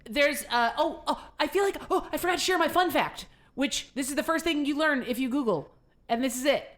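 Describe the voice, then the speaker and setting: A woman's voice: sits high, fairly quick, a bit bright. A woman co-hosting a podcast in a playful, joking, enthusiastic casual chat. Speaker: podcast co-host.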